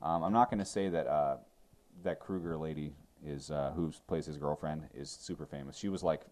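A man's voice: a bass voice, normal speed, darkish tone. A man casually recapping a movie plot for a co-host, rambling and joking with mocking asides.

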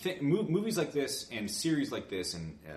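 A man's voice: medium pitch, wildly swooping pitch, normal speed, echoey room. A man co-hosting a casual movie chat, joking crudely and restarting his sentences a lot. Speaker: podcast co-host.

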